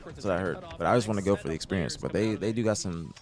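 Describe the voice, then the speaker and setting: A man with a fairly low voice co-hosts a stream. He chats in relaxed slang and often says the same thing twice. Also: very fast. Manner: laid-back slang, repeats himself. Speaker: co-host. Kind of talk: casual chat.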